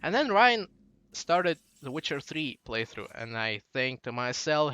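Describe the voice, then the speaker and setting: Young man, late teens, Russian accent, slow unhurried delivery, bright voice, digressive casual monologue. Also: medium pitch, very animated, smooth, no room sound. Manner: digressive, loses his train of thought. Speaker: channel host.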